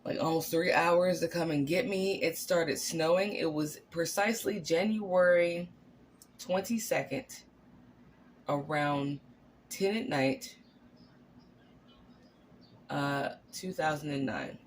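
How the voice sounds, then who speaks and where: A woman's voice: sits low, slow, pauses often. A woman in her forties tells a personal story straight to camera, blunt and unfiltered. She swears freely and slips into little impressions of the people involved. A faint background hiss runs under her voice. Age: 40s. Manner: candid, blunt, profane, animated, acts out quotes. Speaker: vlogger. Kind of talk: candid storytelling vlog.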